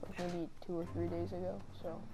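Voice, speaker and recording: A woman's voice: fairly low pitch, level tone, moderate pace. A young woman with a stuffy nose giving blunt, jokey let's-play commentary. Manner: blunt, jokey, swears at the game. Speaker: gaming channel host.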